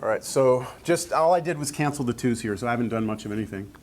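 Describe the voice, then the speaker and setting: A man's voice: mid-range voice, animated, fast talker. A man teaching a math class, explaining each step and checking in with the students. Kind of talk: classroom lecture.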